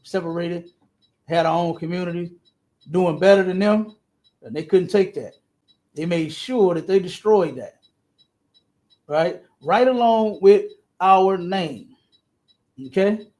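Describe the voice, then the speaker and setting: High-voiced man telling an animated story. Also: slow, long pauses. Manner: repeats words, laughs often, acts out quotes in a high voice. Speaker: podcast host.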